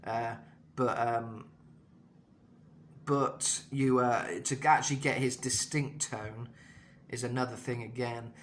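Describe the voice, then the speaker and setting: Bright-voiced male vocal coach. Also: medium pitch, fairly even intonation, slow pace, pauses often, slight background noise. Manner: thoughtful, many fillers and restarts. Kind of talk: singing lesson with demonstrations.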